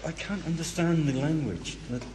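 Male medium, halting delivery, echoey room with noise. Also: a little high, dark tone. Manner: halting, hesitant speech. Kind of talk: live ghost-hunt commentary.

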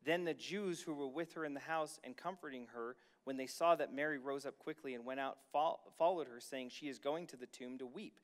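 A man preaching a sermon as pastor, reading scripture and then commenting casually to the congregation, slowing down to stress key lines. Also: mid-range voice.

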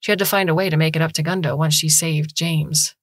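A woman reads a short story aloud in a measured, steady voice. Her tone is low and husky. The recording is close and dry, with no room sound. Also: no room sound. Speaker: story reader. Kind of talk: scripted narration.

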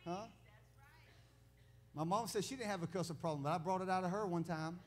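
A man preaching a sermon as pastor, telling stories with laughs and building to loud, emphatic preaching. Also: high-pitched, brisk, noisy background.

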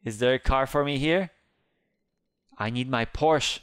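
Guy yelling and squealing over a video game, unhurried between panics, clean dry sound. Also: clean tone, dry recording. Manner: squeals high when panicked, playful kid-friendly banter. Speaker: gaming YouTuber. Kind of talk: excited game commentary.

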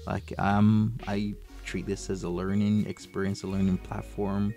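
A man's voice: fairly low pitch, level tone, a little slow, vocal fry, dark tone, faint music behind. A man hosting a commentary video, talking in an easygoing, hesitant way with frequent fillers. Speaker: commentary channel host. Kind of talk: casual commentary.

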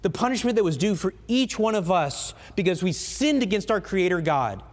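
Animated high-voiced preacher in echoing church. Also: male voice, normal speed. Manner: animated, asks the congregation questions. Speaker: pastor. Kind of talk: sermon. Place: church sanctuary. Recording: long reverb of a church hall.

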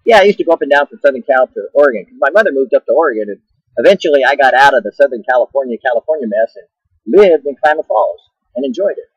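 A man's voice: mid-range voice, lively intonation, quick pace, slightly rough, no echo, lo-fi sound. A middle-aged man with a joking, playful manner, preaching casually in a vlog from a rest stop and laughing often. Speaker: Christian video blogger.

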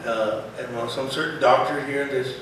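This male preacher, speaking in a steady mid-range voice at normal speed with a slightly bright tone, delivers a sermon and reads scripture aloud, often slipping in Spanish phrases and repeating "hermano" and "praise God." The room is very echoey, his voice sits far from the mic, and there's slight background noise.

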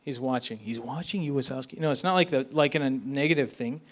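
A man's voice: medium pitch, fast talker. A man preaching casually at a church event, telling a story with many fillers and checking in with the crowd. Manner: casual, filler-heavy with lots of "like" and "right?". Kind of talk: storytelling sermon.

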